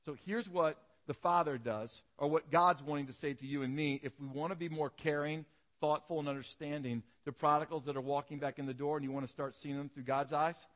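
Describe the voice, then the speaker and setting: A man's voice: fairly high pitch, steady tone, a little fast, a bit bright. A man preaching a sermon as pastor, telling stories animatedly and acting out the voices in them.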